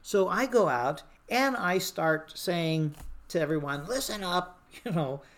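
Older person telling a work war story, lively, does the voices and shouts the quotes. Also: medium pitch, slow. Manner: animated, acts out quotes in raised voices.

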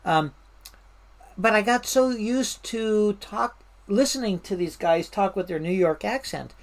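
A woman from Washington State, an interview guest and firefighter, telling animated stories in a casual way with many fillers and restarts. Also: medium pitch, measured pace. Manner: animated anecdotes with fillers and restarts, mimics voices. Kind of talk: casual storytelling.

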